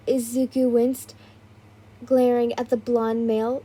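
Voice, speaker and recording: A woman reads a fan fiction story aloud in a casual manner, now and then tripping over words. Her voice is a little high, with a mellow, husky tone. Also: completely flat delivery, unhurried. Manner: casual, stumbling asides.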